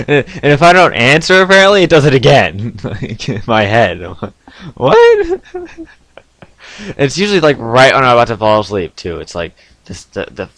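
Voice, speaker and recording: A young man telling stories to camera from his home basement in a casual, animated way, with sudden loud outbursts and frequent laughs. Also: fairly low pitch, no echo. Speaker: vlogger.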